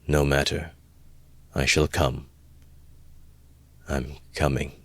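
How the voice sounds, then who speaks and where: A man with a very deep voice reading the lines of a feverish young man quietly and slowly, in a low mutter. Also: no room sound, exaggerated voice. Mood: grim. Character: feverish brooding young man, resolved and withdrawn.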